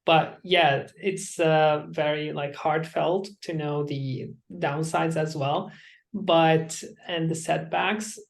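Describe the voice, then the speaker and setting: Guy hosting a podcast, gravelly voice, lots of uh and like, hesitant. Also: fairly high pitch, fairly even intonation, slow pace. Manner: hesitant, filler-heavy phrasing. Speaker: podcast host. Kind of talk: interview questions.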